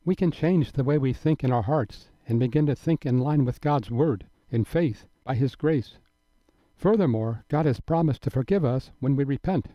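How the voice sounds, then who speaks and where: Earnest radio Bible teacher, dry lo-fi sound. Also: male voice, medium pitch, no room sound. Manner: measured, earnest, emphatic. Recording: dry, dull lo-fi broadcast audio.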